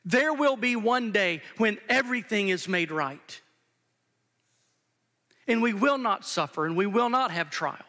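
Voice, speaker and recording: A man's voice: high voice, expressive, measured pace, long pauses, sharp tone. A male pastor preaching an earnest, emphatic sermon, repeating phrases for weight, recorded live in a church sanctuary. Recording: long church hall reverb.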